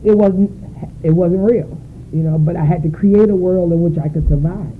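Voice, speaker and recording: A woman sharing her story at a recovery meeting, emotional and searching, often halting. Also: on the low side. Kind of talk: personal share at a meeting. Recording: tinny phone-like recording with faint noise.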